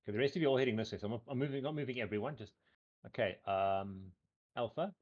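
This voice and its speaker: A man running a tabletop game as game master, narrating casually and often pausing on "um" and a repeated "cool". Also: medium pitch, a little mellow, muffled recording. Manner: rambling, full of "um" and repeated "cool".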